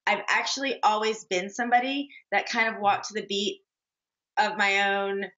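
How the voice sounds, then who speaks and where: A woman in her forties chats as an interview guest, telling her story earnestly with plenty of fillers. Her voice is bright and forward. The sound is dull and lo-fi. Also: mid-range voice, normal speed. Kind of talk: casual interview chat.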